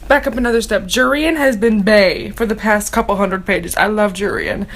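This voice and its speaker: A woman's voice: mid-range voice, normal speed, low-quality recording. A young woman vlogger reacting to a fantasy novel in a dramatic, sarcastic, gushing fangirl ramble. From Texas. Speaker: book vlogger.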